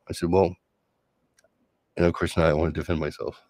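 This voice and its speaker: A middle-aged man hosting a solo late-night show, talking through love and conflict in a sarcastic, reflective way with many halting restarts. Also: low-pitched, level tone, a little mellow, no room sound, studio quality. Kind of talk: late-night personal monologue.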